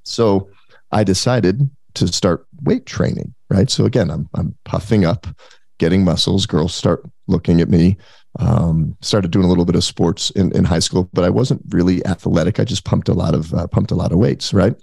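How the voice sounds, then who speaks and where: A man with a very deep, gravelly voice tells his story as a podcast guest, lively and bouncing into other people's voices. The sound is close and dry, with no room around it. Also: moderate pace, dry recording. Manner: animated, acts out quoted voices. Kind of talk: casual storytelling.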